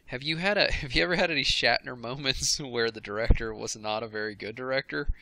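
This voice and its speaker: A man hosting a casual interview, reading out listener questions in a relaxed, chatty manner. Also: medium pitch, fairly quick, vocal fry, noisy background. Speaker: interview host.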